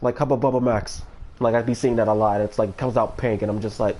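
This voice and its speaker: A casual streamer from Florida talks fast in a fairly low, darkish voice, chatting on a livestream. He rambles and meanders, hesitant and full of fillers and restarts. There's a little hiss or hum.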